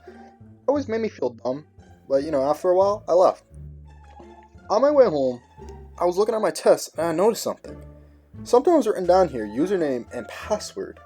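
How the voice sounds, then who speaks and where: A young man narrating a storytime animation in a casual, slangy way, playfully acting out what others said. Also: on the high side. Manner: relaxed slangy delivery, playful quoting.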